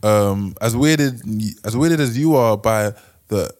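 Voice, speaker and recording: A man's voice: lowish voice, slow pace, darkish tone. A young man, chatting casually on a podcast with wry, teasing interjections. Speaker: podcast co-host. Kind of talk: casual chat.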